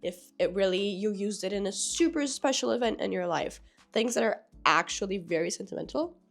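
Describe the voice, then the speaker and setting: Hoarse young woman chatting about clothes. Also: medium pitch, lively intonation, a little fast, soft background music. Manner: chatty, opinionated, lightly joking. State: hoarse from illness, voice cracking. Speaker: fashion vlogger. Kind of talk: casual chat to camera.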